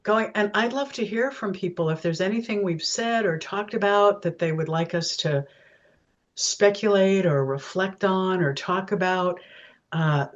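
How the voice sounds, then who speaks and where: A woman's voice: mid-range voice, a little slow. A woman talking in a casual chat as a guest, chatty and often laughing, with many restarts. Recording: dull lo-fi sound.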